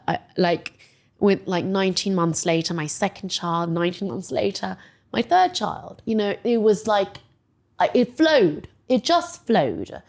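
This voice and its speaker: Woman in her forties, podcast guest, lively storyteller, full of fillers, medium pitch. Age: 40s. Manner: animated storyteller, many "like"s, voices quotes high. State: emotional, near tears. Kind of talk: casual interview chat.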